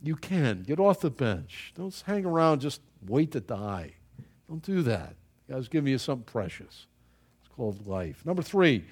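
A man preaching a sermon, exhorting his listeners emphatically and swinging between loud and soft. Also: a little high.

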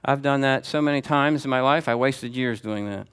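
A man's voice: medium pitch, moderate pace, fairly bright tone, smooth. A man preaching a sermon as pastor, in a conversational, emphatic style that repeats key phrases.

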